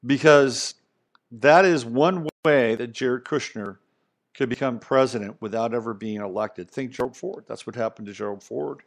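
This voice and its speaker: A man's voice: mid-range voice, normal speed, gravelly. Male podcast host, middle-aged, casual emphatic monologue with asides. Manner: rambling, emphatic, conversational, with frequent asides.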